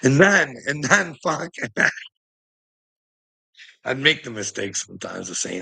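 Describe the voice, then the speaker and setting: Gravelly, husky man ranting on a livestream. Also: mid-range voice, big pitch swings, slow pace, pauses often, pushed and bright. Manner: profane, rambling, laughs often between phrases. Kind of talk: casual livestream rant.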